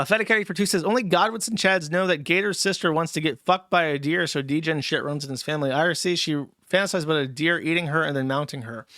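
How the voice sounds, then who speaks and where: A man's voice: a little high, a bit bright, dry recording, studio quality. A man hosting a livestream, ranting in a profane, mocking way and reading out viewer donations. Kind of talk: casual livestream rant.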